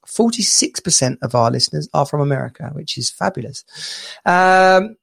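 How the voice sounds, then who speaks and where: Rambling, laughing male host, gravelly and slightly high, on a video call. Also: expressive, moderate pace, a bit bright. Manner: chatty, rambling, laughs easily. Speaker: podcast host. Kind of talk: casual live-stream chat.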